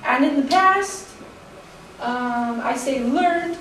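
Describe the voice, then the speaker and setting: An American woman teaching English, giving a slow, deliberate classroom presentation and laughing lightly between points. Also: sits high, heavy reverb, distant mic, slight background noise, poor audio. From United States.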